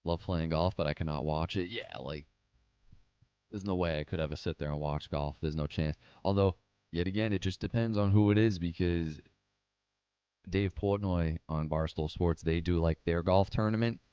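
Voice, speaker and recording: Young man, deep voice, casual livestream host, laid-back, slangy, profane, answering live chat. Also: normal speed, mellow, clean tone, no room sound, muffled recording.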